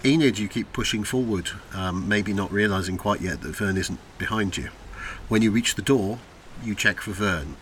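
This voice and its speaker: Bright-voiced male game master narrating. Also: on the low side, slight background noise. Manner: descriptive, unhurried, with fillers. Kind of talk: narrating a tabletop role-playing game.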